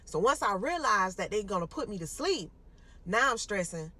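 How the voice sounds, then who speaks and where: A young woman telling a dramatic personal story straight to viewers, acting out the shouted lines she quotes. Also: mid-range voice, sing-song, moderate pace, a little hiss or hum. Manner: talks straight to viewers as y'all, acts out screaming quotes.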